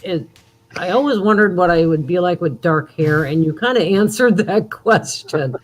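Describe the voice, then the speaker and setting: A woman being interviewed in casual chat, self-deprecating and quick to laugh. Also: lowish voice. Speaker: guest.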